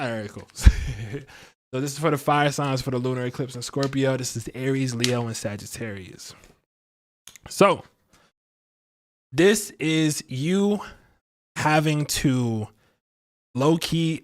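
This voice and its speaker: A man hosting a livestream tarot and astrology reading in a casual, chatty way, joking at his own expense and filling pauses with "like" and "um". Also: fairly high pitch, lively intonation, fairly bright tone. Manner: chatty and playful, laughs at himself, many fillers.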